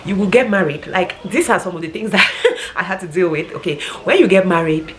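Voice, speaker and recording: A woman's voice: fairly low pitch, fairly quick, fairly bright tone. A woman talking casually and earnestly, giving rambling advice like a vlogger.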